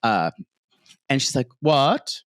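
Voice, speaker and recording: Guy podcast host doing a chatty recap, super lively voice, keeps doing the characters' lines, dry close sound. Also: mid-range voice, unhurried, dry recording. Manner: animated storyteller, acts out quotes, laughs often. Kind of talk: casual recap chat. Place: home, street noise outside.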